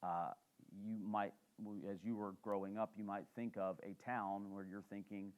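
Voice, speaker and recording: A man's voice: on the low side, normal speed. A man, a pastor teaching a sermon in church in a conversational way, with fillers and questions to the congregation.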